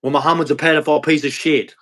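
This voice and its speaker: A man's voice: fairly high pitch, steady tone, racing, a bit bright. An Australian man hosting a livestream, ranting angrily and emphatically as he repeats words. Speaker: livestream host. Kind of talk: heated solo rant.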